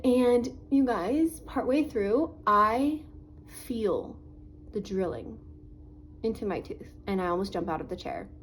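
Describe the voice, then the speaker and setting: A woman's voice: medium pitch, expressive, a little slow, slight background noise, low-quality recording. A woman vlogger telling a personal story to camera in a casual, chatty way, full of "like" fillers, talking through a swollen, sore face. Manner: earnest, faith-minded reflection.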